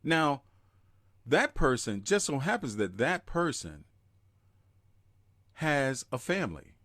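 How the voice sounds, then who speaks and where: A man hosts a live podcast in an emphatic, unhurried way, his pitch rising and falling widely. His voice is dry and close, with no room sound, and he stops to greet listeners in the chat by name. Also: big pitch swings, fairly bright tone, dry recording. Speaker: podcast host.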